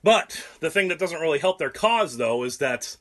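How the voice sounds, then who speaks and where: A man's voice: a little high, expressive, normal speed, a bit bright. A young man hosting a podcast, rambling through history in casual talk, profane and sarcastic. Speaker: podcast host.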